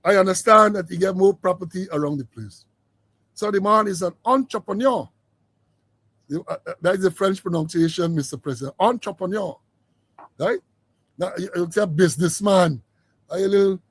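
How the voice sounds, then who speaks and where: Casting note: emphatic man, drawls key words, high voice. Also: no room sound. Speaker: political commentator. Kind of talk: informal political commentary monologue.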